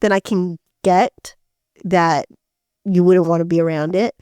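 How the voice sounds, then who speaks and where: A woman's voice: fairly low pitch, fairly even intonation, measured pace, warm tone, clear, resonant tone, no room sound. A middle-aged woman co-hosting a casual podcast chat, talking emphatically with frequent restarts. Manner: emphatic, many restarts and fillers. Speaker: podcast co-host.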